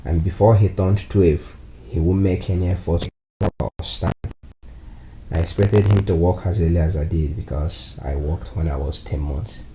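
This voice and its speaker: A man answering interview questions on a podcast in a calm, measured way. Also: deep voice, noisy background. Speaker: podcast guest.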